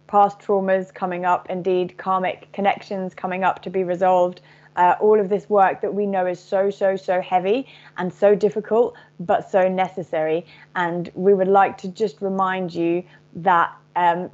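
Soothing lemurian spirit collective, channeled by a woman, low flat voice, muffled lo-fi sound. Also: lightly acted. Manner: gentle, reassuring, addresses listeners as dear ones. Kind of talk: channeled message.

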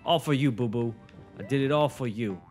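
A man's voice: medium pitch, fairly quick, a little mellow, soft background music. A young man commentating his own gameplay, swearing, boasting and getting frustrated as he talks to a friend. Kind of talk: swearing let's-play commentary.

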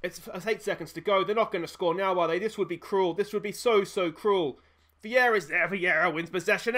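A young Australian man commentating his own football management game, talking to the players and yelling at the screen when it gets tense. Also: high-pitched, a little fast. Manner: animated, yells at the screen. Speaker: gaming channel host. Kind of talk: excited let's-play commentary.

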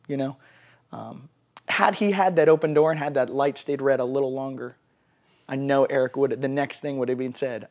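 A man with a fairly high voice asks questions in an interview. He then tells a story with real energy and often repeats words as he starts a sentence. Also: fairly even intonation, fast talker, darkish tone. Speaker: interviewer, camp ministry worker.

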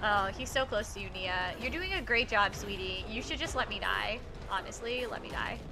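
A woman streaming a game, chatting casually and often yelling at the action. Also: medium pitch, lively intonation, normal speed, music in the background. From United States. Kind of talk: casual gaming stream chat.

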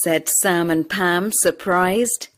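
A woman narrating a children's story in a slow, clear and expressive way. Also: fairly low pitch.

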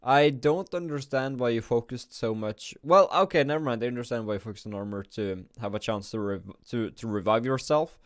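Just awake and yawning, a man talks fairly quickly with few pauses at medium pitch while casually commenting on a game for his gaming videos. He thinks out loud and often restarts sentences. The recording is dry and clean, with studio sound.

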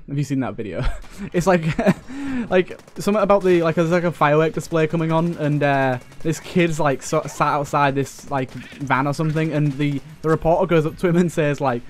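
Chatty gamer man, slightly high. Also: normal speed, soft background music. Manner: chatty, swears, jokey asides to enemies. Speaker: let's play gamer. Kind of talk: casual gameplay commentary.

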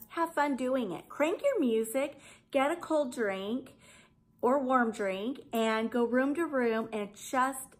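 A middle-aged woman, chatting to camera in a gushing, rambling way about home decorating. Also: on the high side. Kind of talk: casual chat to camera.

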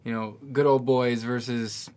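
A man's voice: medium pitch, flat delivery, a little slow, a little mellow. A man hosting a podcast in casual chat, reacting and laughing along with his guest. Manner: responsive listener, laughs and reacts. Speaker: podcast host.

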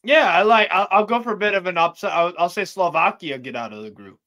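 A man's voice: high-pitched, quick pace, bright, forceful tone. A man co-hosting a casual football podcast, teasing and easygoing as he gives his predictions. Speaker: podcast co-host.

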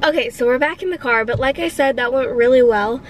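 A woman's voice: high voice, a little fast, slight background noise, poor audio. Gushing, emotional pregnant young woman. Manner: gushing and emotional, rambling with many fillers. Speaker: family vlogger. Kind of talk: casual vlog chat.

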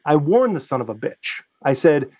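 A man's voice: on the high side, moderate pace, no room sound. A man, a Navy veteran from the United States, telling a story in a casual podcast chat, swearing freely and acting out what he said back then. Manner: profane, animated, acts out his own quotes.

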